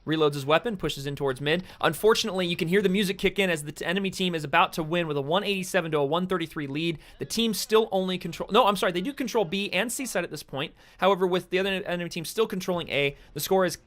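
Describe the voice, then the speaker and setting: A man's voice: sits high, fast, few pauses. Eager young man calling game action. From United States. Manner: excitable play-by-play, chatting with stream viewers between calls. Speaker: game caster and streamer. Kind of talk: solo esports-style play-by-play commentary. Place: home streaming setup, seated in a chair.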